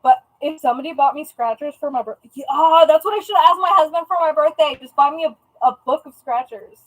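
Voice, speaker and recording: A young woman from the US Pacific time zone, speaking in a high, light voice with a West Coast manner, hosts a live stream while packing orders at home for her online shop. She's playful and talkative, fairly quick, keeping up easy running commentary and trying out joking Spanish phrases. The recording is rough.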